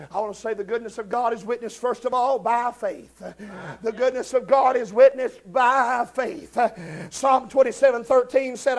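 A male preacher delivering a fervent, shouted sermon in a chanting, drawn-out cadence, full of "uh"s. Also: very high-pitched.

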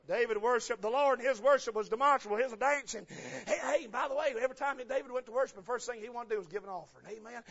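A male pastor preaching a fervent sermon, swinging between quiet asides and loud shouts, recorded in dull lo-fi sound. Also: very high-pitched, fast talker, few pauses, slightly rough.

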